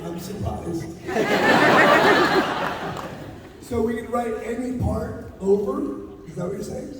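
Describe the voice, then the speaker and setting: A hoarse man who has lost his voice, teasing and joking as a panelist at a fan convention. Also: very high-pitched, very animated, slow, very noisy. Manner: wry, teasing. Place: large convention hall. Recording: echoey convention hall, far mic, crowd.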